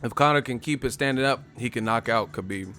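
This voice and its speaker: A man hosting a boxing live stream in casual chat, animated, swearing freely and laughing a lot. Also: medium pitch, fairly quick, faint music behind.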